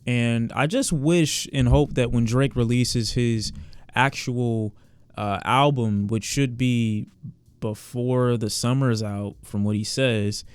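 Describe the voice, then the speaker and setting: A man's voice: medium pitch, fairly even intonation, slow pace, smooth, no room sound. A man giving casual reaction commentary as a music reviewer, candid and sometimes sarcastic toward the song.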